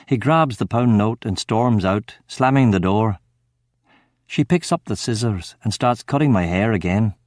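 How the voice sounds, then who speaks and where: A man giving steady, measured first-person narration of a crime novel audiobook. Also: fairly low pitch, no room sound, studio quality.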